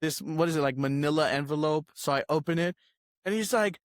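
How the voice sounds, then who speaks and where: A man's voice: a little high, fairly even intonation, fairly quick, no echo, clean studio sound. A young man hosting a podcast, animatedly retelling a night out, laughing often and acting out what people said. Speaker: podcast host. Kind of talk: casual storytelling chat.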